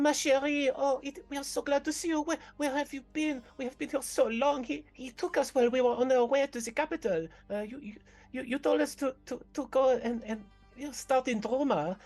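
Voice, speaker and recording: A man's voice: very high voice, a little mellow, pitched above the performer's own voice. A man doing a frantic French mother. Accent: French (put on). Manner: stammering, pleading. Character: fretful captive French mother, older woman.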